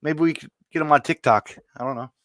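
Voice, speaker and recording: A man's voice: a little high, fairly quick, fairly bright tone, no echo. Rambling, laughing podcast host man. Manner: rambling, laughing, full of "you know". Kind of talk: casual chat.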